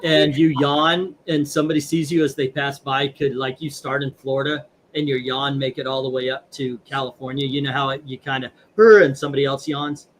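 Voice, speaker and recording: A man's voice: mid-range voice, flat delivery, a little fast, hardly any pauses, slight background noise. Easygoing man presenting comic covers. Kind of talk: casual live-stream chat.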